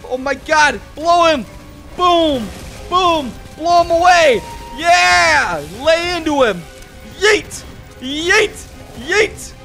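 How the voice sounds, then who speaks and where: A young man giving excited gameplay commentary, jumpy and yelping and shouting in panic. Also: very high-pitched, very slow. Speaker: gaming YouTuber. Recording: music playing behind the voice.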